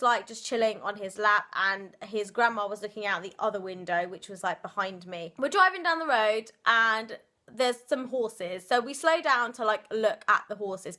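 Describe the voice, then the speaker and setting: A woman's voice: on the high side, bright, forceful tone. A young woman, chatting through a storytime vlog, giggly and full of fillers. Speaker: vlogger. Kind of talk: casual storytime chat.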